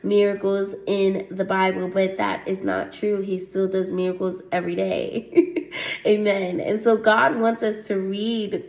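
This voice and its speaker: A woman's voice: mid-range voice, little pitch movement, measured pace, vocal fry, a little mellow. Earnest woman preaching in an echoey room. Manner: earnest, repeats "Amen" often, laughs lightly. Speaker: host of a faith testimony show. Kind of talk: teaching sermon with scripture reading.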